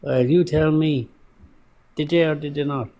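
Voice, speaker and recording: A man's voice: fairly high pitch, fairly even intonation, measured pace, dark tone. A man from Ireland with a strong Irish accent, calling into a live debate and pressing with rhetorical questions. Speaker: debate caller.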